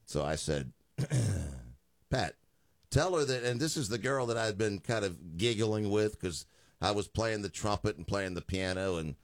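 A man's voice: fairly low pitch, animated, unhurried, dry recording. A man in his fifties, a radio talk show host, telling a joking story in a studio.

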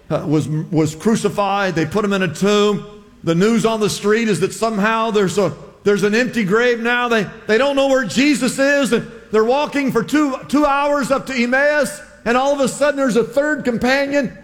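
A man with a high voice preaches in a church sanctuary. He tells the scripture story with lively asides to the congregation, stumbling and restarting words as he goes. His voice trails off into a long, ringing reverb from the big hall. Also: normal speed. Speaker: pastor. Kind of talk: sermon.

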